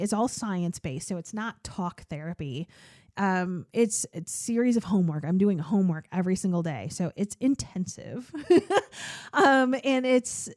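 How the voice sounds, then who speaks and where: A woman hosts her own podcast, speaking candidly and chattily about her therapy, often laughing and sometimes tearful. Her mid-range voice is warm, recorded cleanly in a studio with no room sound.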